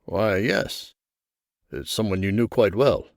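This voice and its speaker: A hushed, low-pitched older man, a mysterious stranger who never hurries, as an audiobook narrator puts him on. His voice is soft and measured, with an air of quiet amusement, recorded close and dry. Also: creaky, dry recording. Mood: calm, amused. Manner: unhurried, faintly amused.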